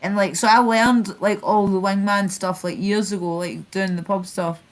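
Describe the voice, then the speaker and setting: A woman's voice: mid-range voice, steady tone, moderate pace. A Scottish woman streamer telling rambling stories in casual chat, full of fillers and restarts. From Scotland. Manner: rambling, filler-heavy storytelling.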